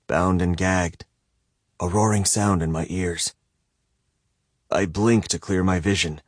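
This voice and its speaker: A man reading a first-person audiobook in a tense, measured way. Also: on the low side, no echo, studio quality. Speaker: audiobook narrator.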